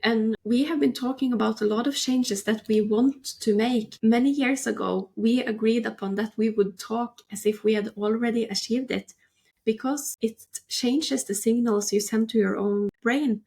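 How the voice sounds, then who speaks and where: Bright-voiced woman, enthusiastic and encouraging. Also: a little high, steady tone, normal speed, creaky. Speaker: podcast co-host. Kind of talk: casual chat.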